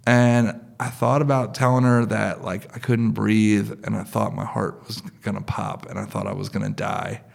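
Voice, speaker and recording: A man's voice: fairly low pitch, level tone, normal speed, vocal fry, few pauses. A man in his thirties or forties telling a personal story live, in a loose, conversational way full of fillers.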